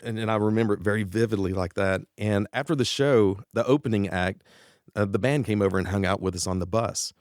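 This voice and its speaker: Low male guest, chatty storyteller, acts out quotes, dry close mic. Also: fairly quick, no echo. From East Tennessee. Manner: animated anecdotes with laughs and quoted voices. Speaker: guest musician. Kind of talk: casual interview storytelling.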